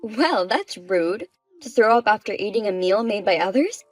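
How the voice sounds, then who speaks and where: A woman's voice: medium pitch, lively intonation, normal speed, natural voice. A woman voicing a meddling mother-in-law who lectures condescendingly and bosses people around. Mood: scolding.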